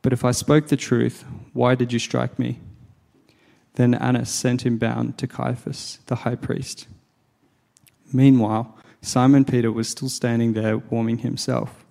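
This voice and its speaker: Gravelly man reading scripture evenly. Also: mid-range voice, flat delivery, a little slow, dark tone. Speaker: scripture reader. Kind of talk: Bible reading.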